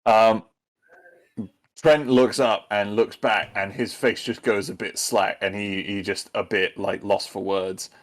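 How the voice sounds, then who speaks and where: A game master runs a tabletop role-playing session, narrating each scene for his players in a fairly low voice for a man. His tone stays level as he hesitates, pausing with many ums and restarting while he feels his way through the description.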